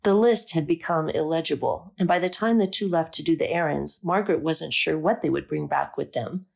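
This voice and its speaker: A woman narrating a story aloud in a calm, measured reading. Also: sits low, gravelly. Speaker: audiobook narrator.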